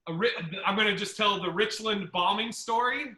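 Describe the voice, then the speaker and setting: Comic podcast host, male: high, piercing voice, cursing storyteller, echoey room. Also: normal speed. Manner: profane, animated, acts out other people's lines. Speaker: podcast host and stand-up comedian. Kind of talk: casual storytelling chat. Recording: roomy echo.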